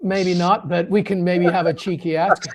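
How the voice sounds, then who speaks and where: A man's voice: high-pitched, level tone, moderate pace, a little mellow, a little hiss or hum. A man appearing as a journalist guest on a phone-in, enthusiastic and thinking aloud, stumbling over his starts. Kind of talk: casual radio phone-in discussion.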